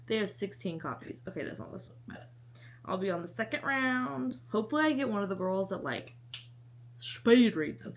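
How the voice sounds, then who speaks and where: A woman's voice: medium pitch, moderate pace. Chatty young woman vlogging about books. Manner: chatty, self-mocking, rambling asides. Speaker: book vlogger. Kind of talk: casual chat to camera.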